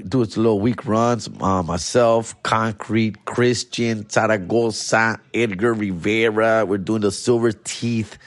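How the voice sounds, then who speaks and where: A man's voice: fairly low pitch, dry recording. A man hosting a podcast, telling a story casually with street slang and Spanish phrases mixed in. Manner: slangy, mixes in Spanish phrases, repeats "fool" and "dog". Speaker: podcast host.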